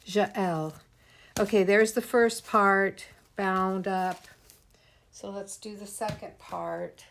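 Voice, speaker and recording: A woman's voice: mid-range voice, fairly even intonation, takes it slowly, gravelly, fairly bright tone. A woman chatting casually with viewers while teaching a craft on a livestream. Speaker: art teacher.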